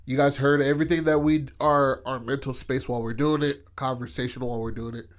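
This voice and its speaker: A man's voice: medium pitch, fairly even intonation, a little fast. A man co-hosting a podcast, telling stories in casual chat with lots of laughter and acted-out quotes. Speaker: podcast co-host.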